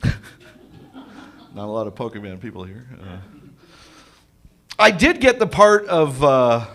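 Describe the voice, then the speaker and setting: A man's voice: mid-range voice, wildly swooping pitch, fairly bright tone. A man doing a rambling, self-deprecating stand-up set on an open-mic stage. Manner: slow, rambling, self-deprecating delivery in a cow costume. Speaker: stand-up comic. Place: comedy club stage.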